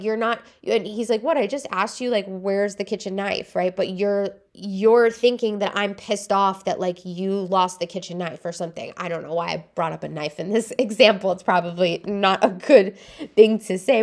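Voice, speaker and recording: An earnest woman in her thirties hosts a solo podcast about personal healing. She talks in a confiding, conversational way, full of casual fillers, with a voice of ordinary middle pitch. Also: darkish tone. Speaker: podcast host. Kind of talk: reflective solo podcast talk.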